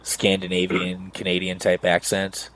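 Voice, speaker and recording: A man's voice: sits low, completely flat delivery, unhurried, a bit bright, a little hiss or hum, low-quality recording. A man hosting a podcast with a Minnesotan accent, casually asking curious questions. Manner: curious, asks probing questions. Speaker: podcast host. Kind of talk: casual chat.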